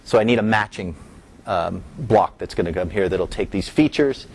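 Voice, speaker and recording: Lower-voiced man giving a lecture. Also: expressive, normal speed, a little mellow. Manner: explanatory, rising emphasis on key terms, some restarts. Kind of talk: academic lecture.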